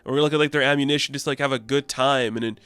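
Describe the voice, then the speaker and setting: A man's voice: mid-range voice, steady tone, racing, pushed and bright, clean tone, no echo, close to an everyday voice. A man casually voicing a young male robot inventor in an offhand paraphrase. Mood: carefree.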